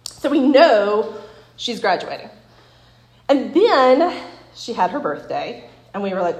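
Woman in her forties, lively chatty Bible teacher, lots of "like", echoey room. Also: fairly high pitch, takes it slowly, pauses often. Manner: chatty, laughing, full of "like" and "right?". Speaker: women's Bible study speaker. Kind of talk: casual teaching talk with stories.

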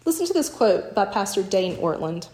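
A woman's voice: medium pitch, very animated, moderate pace, darkish tone, slight background noise. A woman, giving a sermon and telling stories with little acted quotes, often asking "right?". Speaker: speaker teaching a church talk. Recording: echoey room.

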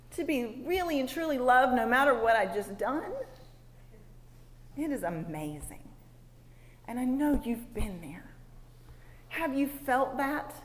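A fairly high-voiced woman tells a personal story as a sermon to a room of women. She swings from soft, almost whispered asides to big loud exclaims. Her voice rings out with a long hall reverb over faint background noise. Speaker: women's ministry speaker.

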